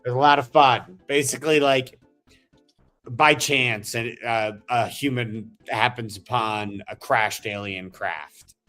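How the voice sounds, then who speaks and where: Man, casual hobby host, mid-pitch, rambling and enthusiastic. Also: fairly even intonation, a little slow, sharp tone, soft background music. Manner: chatty, rambling, enthusiastic storyteller. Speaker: miniature painting host. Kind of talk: casual chat while painting.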